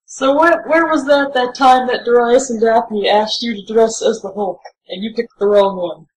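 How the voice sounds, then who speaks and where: A woman's voice: fairly high pitch, steady tone, moderate pace, a little hiss or hum, rough recording. A woman co-hosting a casual watch-along podcast, easygoing and asking questions. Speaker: podcast co-host.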